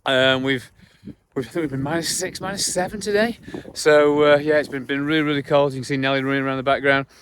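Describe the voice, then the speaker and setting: A man's voice: a little high, steady tone, quick pace, fairly bright tone, recorded from a distance, a little hiss or hum. A man who trains dogs, giving a casual step-by-step training demonstration and chatting as he moves around a cold field. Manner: chatty, repeats words, gives commands to the dog. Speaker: dog trainer.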